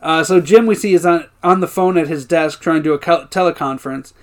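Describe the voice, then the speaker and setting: A man's voice: a little high, fairly quick. A man co-hosting a podcast, recapping TV episodes in casual chat, often laughing and acting out lines. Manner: animated, laughing, acts out characters' lines. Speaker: podcast co-host.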